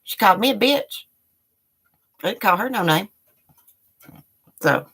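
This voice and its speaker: A woman's voice: mid-range voice, animated, a little slow, vocal fry, fairly bright tone, slightly rough. Fired-up middle-aged woman ranting on stream. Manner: heated, profane, talks straight to viewers. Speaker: YouTube live streamer. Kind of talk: angry live-stream rant.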